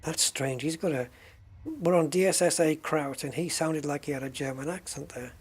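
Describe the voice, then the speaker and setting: A man's voice: fairly high pitch, moderate pace, husky. A man chatting casually while streaming a space game, joking and exclaiming at prices. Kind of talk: casual gameplay commentary.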